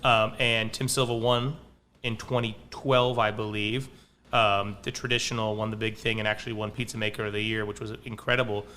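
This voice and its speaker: A man's voice: on the low side, little pitch movement, a little fast, pushed and bright, slight background noise. A man who owns a pizza restaurant, talking casually as a podcast guest in a rambling way, full of restarts and fillers. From Palo Alto, California. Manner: rambling, frequent likes and restarts.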